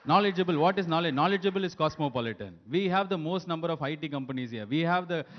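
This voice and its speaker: Brief: rapid-fire man, jokey panelist, muffled audio. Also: a little high, animated. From South India. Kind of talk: joking panel answer.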